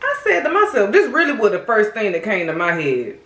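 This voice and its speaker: A woman hosting a mukbang video, telling a crime story in a sassy, animated way, speaking straight to her viewers. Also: medium pitch, a little fast, reverberant. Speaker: mukbang host. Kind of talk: casual true-crime storytelling while eating.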